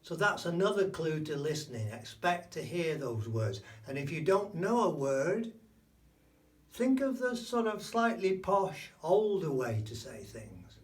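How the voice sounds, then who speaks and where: A man giving a spoken language lesson, explaining slowly and repeating key words. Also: fairly high pitch, very animated, far from the mic. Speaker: language teacher.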